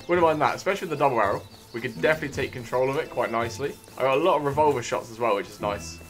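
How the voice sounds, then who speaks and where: A young British man giving sweary, jumpy commentary over his own gameplay, hushed one moment and yelling the next. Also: mid-range voice. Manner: jumpy, swears a lot, shifts from hushed to shouting. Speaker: gaming YouTuber.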